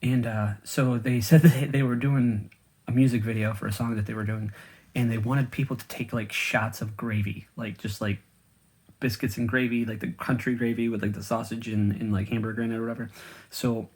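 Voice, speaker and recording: A man's voice: medium pitch, little pitch movement, fairly quick, darkish tone, breathy edge. A man vlogging casually while he eats, rambling with lots of fillers and talking with food in his mouth. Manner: rambling, with many fillers and restarts. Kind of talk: casual chat while eating.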